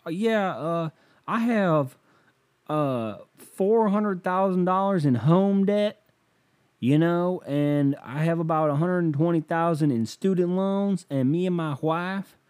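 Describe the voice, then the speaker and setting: A man doing a slow, high-pitched broke young caller. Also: darkish tone, smooth. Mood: hesitant. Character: young male caller, broke, married, twenty-five.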